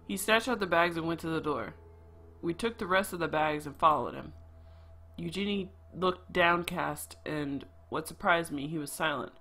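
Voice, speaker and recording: A game streamer reading a story game's narration aloud, with quick asides of their own. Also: medium pitch, bright, forceful tone, faint music behind.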